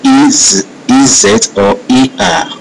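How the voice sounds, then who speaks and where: A man teaching a French lesson, reading out example words slowly and saying each one twice as he points to his slides. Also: on the high side, wildly swooping pitch, vocal fry, slight background noise, low-quality recording. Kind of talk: slow spoken lesson with repeated example words.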